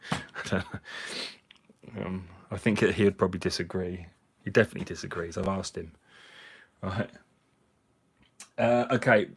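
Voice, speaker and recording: A man's voice: deep voice, steady tone, unhurried, vocal fry, long pauses, husky. Slightly tipsy man chatting live. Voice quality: jokey, chatty, laughs often. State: slightly drunk. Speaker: livestream host. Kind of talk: casual live chat while cleaning finds.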